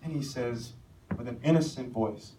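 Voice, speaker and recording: A man's voice: mid-range voice, normal speed, far from the mic, a little hiss or hum. Preacher man telling a story in an echoey church. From American. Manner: storytelling, rising to shouted calls at peaks. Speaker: pastor. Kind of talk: sermon. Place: church sanctuary. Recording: echoey church hall, mic from afar.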